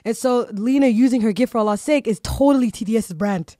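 A woman's voice: a little high, fairly quick, warm tone, no room sound, studio quality. A woman hosting a podcast, chatting casually and animatedly, with lots of "you know" and "like" fillers. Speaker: podcast host.

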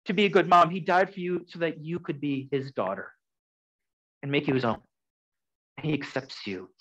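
A man preaching a sermon in an earnest, conversational way, swinging from loud emphasis to soft, quiet lines. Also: a little high, moderate pace, pauses often, muffled recording. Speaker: pastor.

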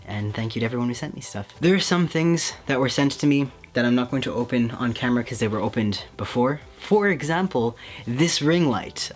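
A vlogger from Quebec, softly and sentimentally chatting to camera while opening mail at home. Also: mid-range voice, animated, fairly quick. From Quebec, Canada. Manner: soft-spoken, sentimental, often says "heckin'". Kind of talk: casual unboxing chat to camera. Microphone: camera mic with ring light.

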